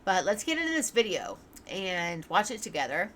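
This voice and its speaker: A woman's voice: lowish voice, very animated, normal speed, slight background noise. A woman hosting a true crime reaction channel, chatting casually to her viewers, her level rising and dropping as she goes. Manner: chatty, swings between loud and soft.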